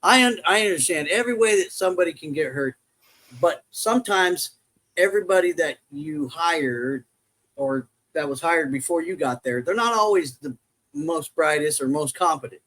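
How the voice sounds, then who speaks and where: A man's voice: fairly high pitch, expressive, moderate pace, a bit bright, poor audio. A middle-aged man telling jokey, rambling stories as a podcast guest who works in construction safety, acting out the voices he quotes. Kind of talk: casual storytelling chat.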